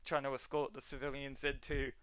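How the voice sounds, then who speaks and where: A man's voice: mid-range voice, little pitch movement, brisk, fairly bright tone, smooth, no echo, dull audio. A man as game master, narrating a tabletop scene loosely with many fillers.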